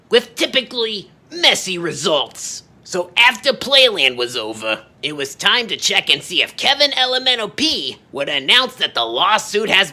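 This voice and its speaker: Boney, someone doing a bright, husky storybook host. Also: mid-range voice, full character voice.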